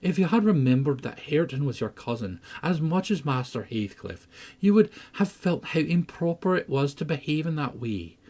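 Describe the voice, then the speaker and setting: A man reading an audiobook, voicing an earnest older housekeeper who gently reproves a girl. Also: fairly high pitch, lively intonation, moderate pace. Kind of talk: audiobook narration.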